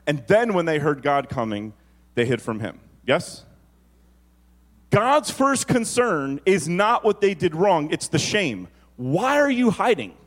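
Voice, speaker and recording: This is a male pastor delivering a sermon in a medium-pitched voice, racing through stories and then slowing to stretch out the key phrases.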